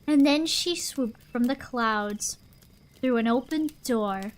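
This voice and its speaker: High-voiced woman streamer reading slowly. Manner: slow, animated storytelling with chatty asides. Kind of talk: reading a picture book aloud on stream.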